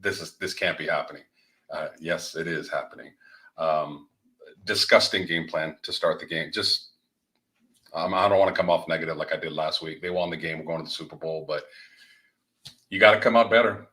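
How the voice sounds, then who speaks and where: Deep-voiced, bright-toned excitable man. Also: normal speed, long pauses. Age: middle-aged or older. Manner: excitable, voice jumps up when emphatic. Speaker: sports show co-host. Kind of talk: animated fan analysis on a live stream.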